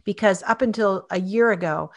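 A woman's voice: mid-range voice, normal speed. A woman in her fifties hosting a casual interview, chatty and full of restarts. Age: 50s. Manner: chatty, many restarts and fillers. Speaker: host.

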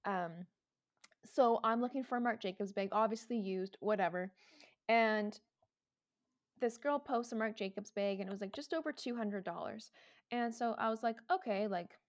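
A woman's voice: medium pitch, moderate pace. Young woman telling a podcast story. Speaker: podcast co-host. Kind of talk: casual chat.

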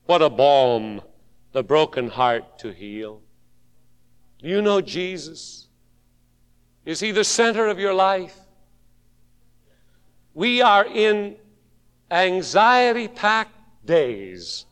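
A man preaching a sermon, swinging from ringing shouted calls down to hushed, pleading tones. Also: fairly high pitch, big pitch swings, slow, smooth, in a large hall.

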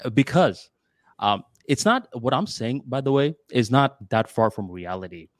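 A man co-hosting a podcast, talking in a rambling, casual way, full of "like" and "dude" and quick restarts. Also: no room sound, clean studio sound. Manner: rambling, filler-heavy with lots of "like" and "dude"; animated, jumps to higher pitch when voicing others. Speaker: podcast co-host.

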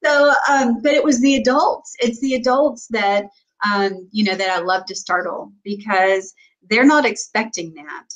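A woman's voice: medium pitch, normal speed, lo-fi sound. A woman co-hosting a casual talk show, telling stories with lots of fillers and restarts. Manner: storytelling with many fillers and restarts. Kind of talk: casual chat.

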